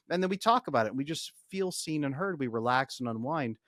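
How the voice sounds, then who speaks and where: A man's voice: mid-range voice, expressive, fast, hardly any pauses, a bit bright, no echo, clean studio sound. A man speaking as a podcast guest and relationship coach, explaining ideas energetically with frequent restarts. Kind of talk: casual explanatory podcast talk.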